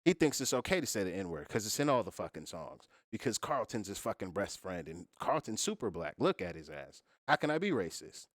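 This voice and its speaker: Low-voiced man explaining at length. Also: sing-song, a little fast, hardly any pauses, no echo, studio quality. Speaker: podcast host. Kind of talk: casual podcast chat.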